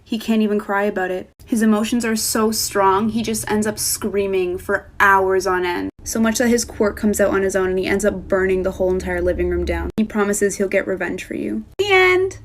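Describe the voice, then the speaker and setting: A woman tells a second-person fan story in a casual, chatty way. She talks fast at a middle pitch and leans on filler words as she goes. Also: little pitch movement.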